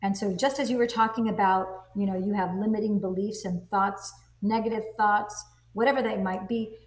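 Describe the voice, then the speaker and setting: A woman's voice: mid-range voice, fairly even intonation, moderate pace. A woman hosting a casual teaching conversation, speaking emphatically and firing off rhetorical questions that she answers herself. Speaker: host reviewing a self-help book. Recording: roomy echo.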